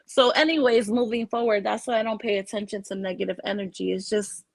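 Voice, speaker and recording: A woman's voice: mid-range voice, steady tone, fairly quick, vocal fry, no room sound, low-quality recording. A Puerto Rican woman from the Bronx, talking brashly and swearing in a casual livestream chat. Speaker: livestream guest.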